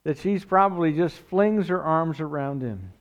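A man preaching a sermon as pastor, telling the story in a conversational, animated way with casual asides. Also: fairly high pitch, moderate pace, lo-fi sound.

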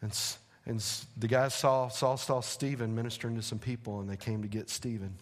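A man's voice: mid-range voice, fairly quick. Preaching man with a drawl. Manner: animated, conversational preaching with playful asides. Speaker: pastor. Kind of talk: sermon. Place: church sanctuary. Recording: long hall reverb.

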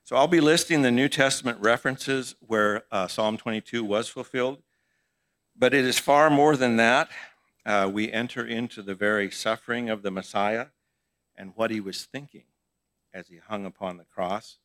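A man's voice: mid-range voice, moderate pace, a bit bright, no echo. A middle-aged male pastor giving a conversational sermon in church, asking his congregation questions as he teaches.

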